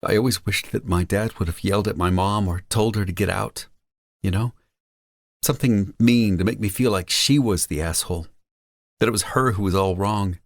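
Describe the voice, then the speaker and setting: A male audiobook narrator voicing a thoughtful, candid young woman speaking softly and earnestly. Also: on the low side, normal speed, no echo, clean studio sound, voice pushed up, natural voice. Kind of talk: audiobook character voice.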